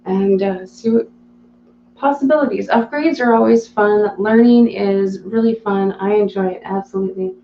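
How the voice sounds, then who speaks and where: A chatty woman hosts a live stream and answers viewer comments in easygoing talk, often breaking into laughter. Her voice has a gravelly, fry-tinged texture. The sound is roomy and a bit dull, with a faint hum underneath. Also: mid-range voice, normal speed, mellow. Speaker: live streamer reading chat. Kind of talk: casual live-stream chat.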